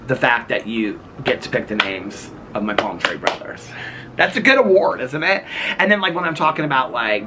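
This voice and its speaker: A man's voice: medium pitch, noisy background. A man chatting playfully to his viewers while vlogging outdoors at home in the evening, rambling and laughing as he talks. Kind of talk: casual chat to camera.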